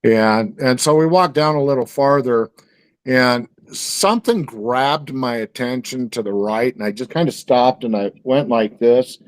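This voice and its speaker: A man's voice: medium pitch, unhurried, no echo. Guy rambling through a story, lots of you-knows and restarts, dry close sound. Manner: rambling, many fillers and restarts. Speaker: guest. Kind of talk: storytelling in casual conversation.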